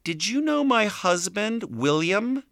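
A gentle, forgetful old mother who wanders in and out of her memories, as a male audiobook reader puts her on. The tone is smooth and lively in pitch, read dry and close in a studio. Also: takes it slowly, no room sound, heavily acted. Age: older.

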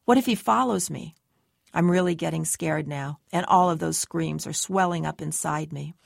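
Gravelly low woman narrating a story. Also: moderate pace, dry recording, studio quality. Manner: tense and anxious. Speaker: audiobook narrator. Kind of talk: first-person story narration.

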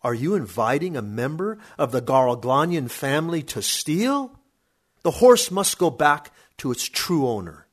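A man's voice: fairly high pitch, very animated, measured pace, pitched above the performer's own voice. A man voicing a proud, serious teenage boy who talks in an emphatic, lecturing way. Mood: indignant.

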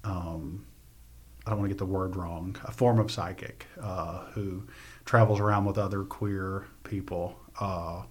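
A man reading his poetry and telling stories in an interview, soft-spoken and often trailing off. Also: deep voice, slightly rough. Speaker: poet and interview guest.

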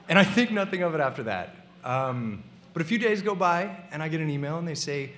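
A young man spins a funny personal story for a live crowd, his voice sitting a little high and swinging widely in pitch. He plays out the people he quotes, with a faint hum of the room behind him. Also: a little fast. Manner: animated, comic, acts out the people he quotes.

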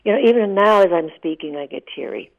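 A woman's voice: medium pitch, lively intonation, quick pace. An older woman in her eighties, a guest telling vivid, emotional stories in a candid interview. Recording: tinny phone line.

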